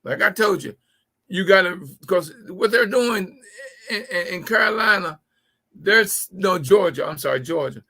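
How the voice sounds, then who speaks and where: A man's voice: high voice, normal speed, gravelly, sharp tone. A man hosting a live-streamed political talk, speaking emphatically to his viewers, often repeating words as he builds his point. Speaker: livestream show host.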